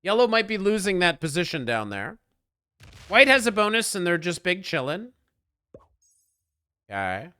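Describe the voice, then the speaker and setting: Male game streamer, casual joking commentary, bright and clean tone, dry close mic. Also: high-pitched, big pitch swings, normal speed, long pauses, clear, resonant tone, no room sound. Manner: chatty, joking, answers chat, gets loud when frustrated.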